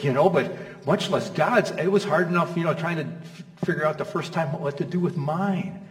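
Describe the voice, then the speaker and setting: Storytelling pastor in an echoey hall. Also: male voice, on the high side, normal speed, recorded from a distance. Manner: conversational storytelling, acts out quoted voices. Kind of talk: sermon.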